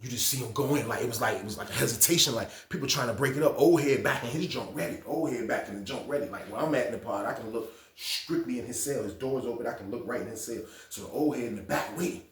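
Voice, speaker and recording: A man's voice: mid-range voice, fast talker, few pauses, a bit bright. A man casually telling a prison story to his viewers, with a lot of slang and repeated phrases. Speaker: storytime channel host. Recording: echoey room.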